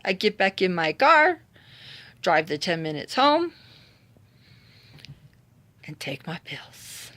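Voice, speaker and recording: Animated, wry woman telling a story. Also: lowish voice, slow, long pauses. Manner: animated, dramatic retelling with voiced quotes; wry and exasperated. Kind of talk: casual story-time monologue.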